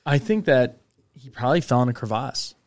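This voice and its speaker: A man's voice: mid-range voice, fairly quick. A man co-hosting a casual podcast late at night, tired and thinking aloud as he rambles through a theory. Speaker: podcast co-host.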